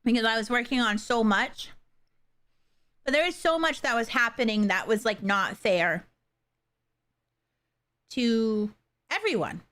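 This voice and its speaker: A young adult woman chatting casually with her livestream viewers, halting and soft-spoken, with many fillers and pauses. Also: fairly high pitch. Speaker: streamer.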